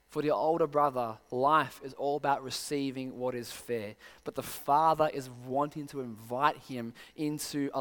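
An earnest male preacher delivers a sermon, often driving his point home with pointed rhetorical questions. His voice sits a little high for a man. The sound carries a long hall reverb.

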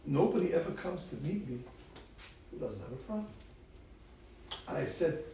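A man's voice: on the high side, sing-song, quick pace, pauses often, dark tone, very echoey, recorded from a distance, slight background noise, low-quality recording. A man, a rabbi, telling stories in a talk to a group of girls and acting out the people he quotes.

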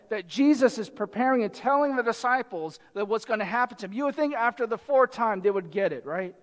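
A high-pitched male pastor preaches with a big-room sound around him. He talks to the congregation conversationally and checks in often with frequent "right?" asides.

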